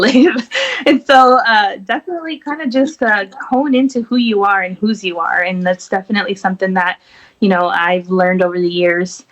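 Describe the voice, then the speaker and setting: A talkative woman guest in a relaxed podcast conversation, her pitch sitting right in the middle for a woman. She leans on filler words as she rambles from thought to thought. She laughs easily between sentences. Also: muffled recording. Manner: chatty, heavy use of fillers like "you know" and "definitely"; laughs often while talking. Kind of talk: casual chat.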